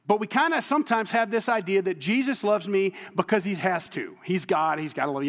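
A man's voice: high-pitched, fairly quick, long reverb tail. A man preaching a sermon as a pastor, talking in a conversational, earnest way with frequent restarts and sudden emphatic bursts.

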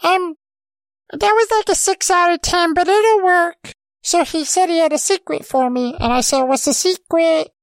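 A woman's voice: extremely high pitch, moderate pace, no echo, poor audio. A woman voicing an eager, childlike male forest creature who tells stories in a rambling, hesitant way full of ums. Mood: earnest. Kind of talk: comedic audio drama.

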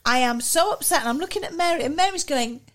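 An older woman co-hosting a casual podcast, telling stories with animated acted-out quotes. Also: high voice, quick pace, noisy background. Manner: animated storyteller, acts out quotes. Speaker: podcast co-host, children's author. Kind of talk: casual podcast chat, storytelling.

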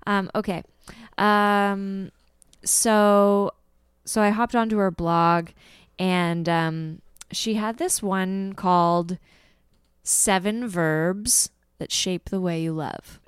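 A woman's voice: medium pitch, steady tone, takes it slowly, clean tone, no room sound, studio quality. A woman co-hosting a casual podcast chat, playful and talkative, sometimes reading passages aloud from a blog. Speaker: podcast co-host.

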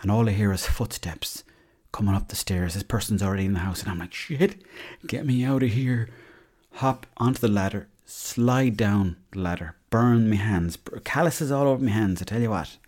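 Low-voiced Irish man telling stories. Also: a little mellow. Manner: chatty, swears freely, tall-tale humour. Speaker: podcast host. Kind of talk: casual comic storytelling.

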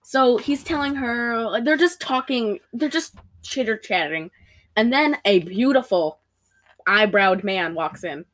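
A woman with a slightly high voice recaps a movie in casual conversation. Her pitch swings up and down as she tells it, and she keeps slipping into laughter and playful character voices. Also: unhurried. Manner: animated, giggly, imitates characters. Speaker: podcast co-host. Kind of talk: casual movie review chat.

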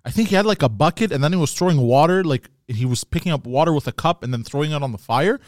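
A man who is a comedian guest on a podcast, telling a story animatedly and yelling out the lines he quotes. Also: fairly high pitch, expressive, fast talker, no room sound, studio quality.

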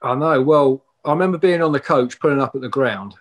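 A man's voice: mid-range voice, a little fast. Male guest, casual chatty anecdotes, mid voice, easy delivery. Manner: relaxed storytelling, many fillers, trailing off softly. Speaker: former footballer, guest. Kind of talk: casual interview chat.

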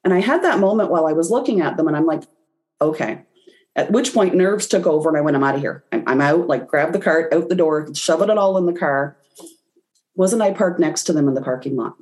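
A woman's voice: low-pitched, lively intonation, fairly quick, a little mellow. A woman guest in an interview, telling a personal story and acting out her own reactions as she goes. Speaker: guest, intuitive reader.

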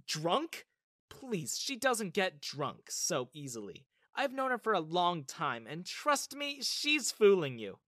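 Woman narrator as a blunt young woman, scoffing, protective, animated pitch, dry close voice. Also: slow, dry recording, full character voice. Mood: warning.

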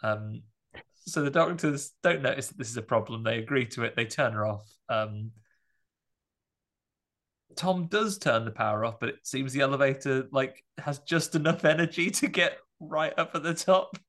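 A man in easy podcast conversation, talking through a film scene by scene. He slips into quick voices for the characters and laughs along as he goes. His pitch sits in an ordinary middle range. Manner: animated storytelling, acting out characters' lines with laughs. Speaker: podcast co-host. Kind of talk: casual chat recapping a film.

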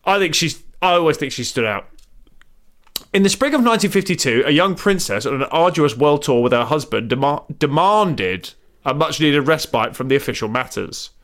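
A man's voice: on the high side, sing-song, moderate pace, fairly bright tone. A man co-hosting a comedy podcast, reading an article aloud in a mock-serious way and breaking off into sarcastic asides.

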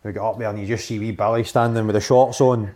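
A man's voice: fairly low pitch, fast talker. Sweary Scottish man telling stories. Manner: animated storyteller, swears a lot, acts out quotes. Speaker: former footballer. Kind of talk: casual storytelling chat.

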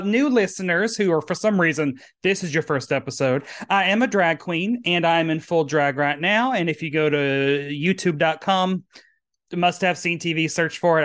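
A man's voice: high voice, fairly bright tone. A man from Tennessee with a Southern accent, hosting a podcast in a campy, rambling drag persona. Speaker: podcast host. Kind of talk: casual chat.

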